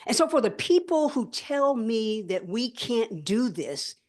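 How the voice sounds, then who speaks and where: A woman's voice: fairly high pitch, big pitch swings, unhurried, darkish tone. A middle-aged woman, a former state senator, giving an impassioned speech, retelling stories earnestly and repeating key phrases for emphasis. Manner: rhetorical questions answered with firm conviction.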